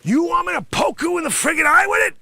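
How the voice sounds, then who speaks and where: A man playing a blustering coffee-counter loudmouth. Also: very high-pitched, huge pitch swings, measured pace, creaky, slightly rough, no room sound, pitched above the performer's own voice, full character voice. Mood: shouting. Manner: brash, blustering, swings from muttering to shouting.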